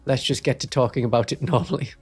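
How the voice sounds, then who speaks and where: Speaking fast in a steady, slightly rough mid-range voice, the Warhammer streamer from Northeast England rambles wryly to his viewers with a subdued accent. Faint music sits behind his studio-mic sound.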